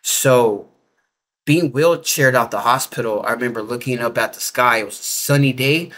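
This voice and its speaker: A man of medium pitch and a touch of brightness talks at an ordinary speed as an interview guest. He tells his story in a rambling, casual manner, full of filler words, especially "like," and informal phrasing.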